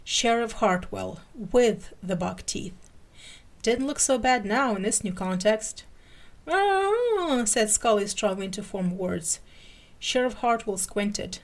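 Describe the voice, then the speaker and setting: A woman podcast host giving an expressive dramatic reading of fan fiction. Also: medium pitch, slow.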